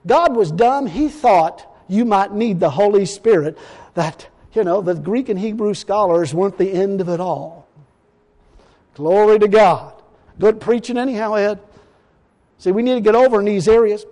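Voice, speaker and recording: A man preaching a folksy, emphatic sermon, slowing down to quote scripture. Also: high-pitched, warm tone, long reverb tail.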